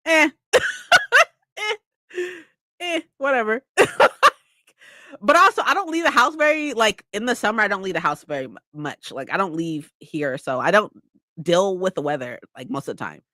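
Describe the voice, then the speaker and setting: A woman's voice: medium pitch, expressive, moderate pace, sharp tone, dry recording. A young woman from California chatting casually with viewers, swearing freely and laughing often. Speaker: streamer. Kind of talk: casual chat.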